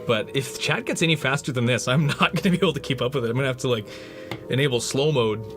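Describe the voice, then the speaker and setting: A streamer and prop maker chats casually on a livestream while he paints, cracking jokes and answering chat. His mid-range voice moves at a quick pace, with background music playing under it.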